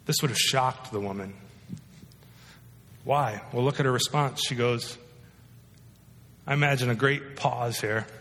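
A man's voice: medium pitch, measured pace, long pauses, fairly bright tone, slight background noise. A male pastor preaching a sermon in a conversational way, often asking his listeners questions. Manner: conversational, asks the audience rhetorical questions. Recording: long reverb of a large hall.

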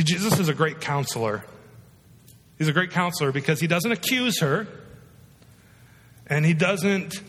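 A man's voice: a little high, a bit bright. Guy preaching a sermon like he's just talking to you, lots of "you ever...?" questions, big echoey hall. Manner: conversational, asks the audience rhetorical questions. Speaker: pastor. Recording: long reverb of a large hall.

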